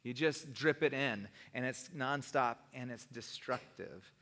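A man's voice: mid-range voice, a little slow, a bit bright. A middle-aged male pastor preaching a sermon in a conversational, storytelling way, acting out the people he quotes.

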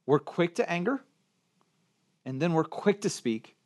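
A man preaching a sermon as pastor, animated and emphatic, using rhetorical questions and sudden bursts of emphasis. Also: on the high side, measured pace, long pauses.

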